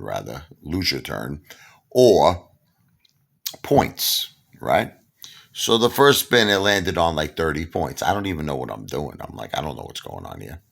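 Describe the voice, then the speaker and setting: Gravelly, deep New storyteller. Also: male voice. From Brooklyn, New York. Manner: animated, acts out the dialogue himself. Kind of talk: casual anecdote told to camera.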